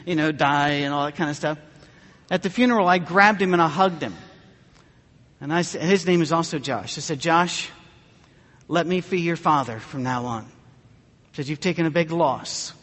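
High-voiced pastor man telling a heartfelt story in a sermon, long church hall reverb. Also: a bit bright. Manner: earnest, conversational storytelling with emotional pauses.

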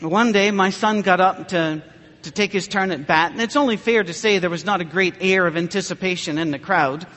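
A man's voice: high-pitched, a bit bright, big-room sound. A man preaching a humorous sermon, telling stories in a dry way and acting out the people in them. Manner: dry storytelling with mock dialogue.

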